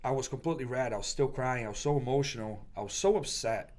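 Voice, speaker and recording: A man's voice: medium pitch, fast talker, darkish tone. A man who is a podcast guest telling an emotional personal story in an earnest way, often restarting his sentences.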